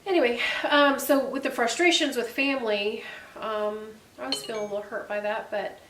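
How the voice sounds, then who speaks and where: On the high side, with fairly even intonation and a moderate pace, a woman in her forties co-hosts a laid-back faith podcast. Her storytelling is chatty and warm-hearted, with lots of ums. The sound is echoey and faintly hissy, from a mic placed at a distance.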